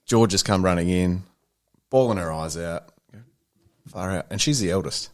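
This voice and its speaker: A man's voice: deep voice, normal speed. A man, a podcast co-host telling a story in casual chat. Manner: animated anecdote teller, mate-ish banter.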